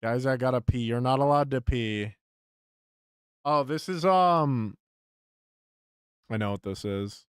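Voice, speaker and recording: Slow-talking frustrated young male streamer. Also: mid-range voice, clean tone, no room sound, studio quality. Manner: frustrated, swearing, repeats himself. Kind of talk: casual live-stream chat.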